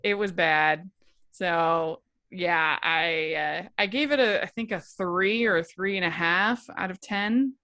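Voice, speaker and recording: A woman's voice: on the low side, takes it slowly, pushed and bright, no echo, clean studio sound. A woman hosting a review podcast in casual chat, talking through her points with frequent restarts. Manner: chatty, many restarts and "like" while reasoning out her critique.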